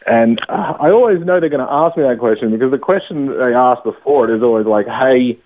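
A man's voice: medium pitch, animated, quick pace, a little hiss or hum. A man, a stand-up comedian, chatting casually in an interview, self-deprecating and laughing often. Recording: tinny phone-line sound.

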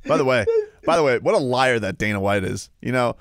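A man's voice: medium pitch, lively intonation, brisk, a bit bright, dry recording, studio quality. A man co-hosting a sports talk show, bantering casually and ranting with mock outrage. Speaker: sports radio co-host.

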